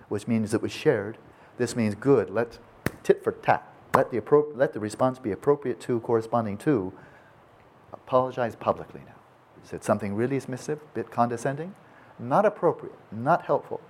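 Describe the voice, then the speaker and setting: A man teaching Buddhist practice, talking in an animated, self-mocking way and acting out apologies as he speaks. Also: medium pitch, slightly rough. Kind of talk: dharma talk. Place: teaching hall with a live audience.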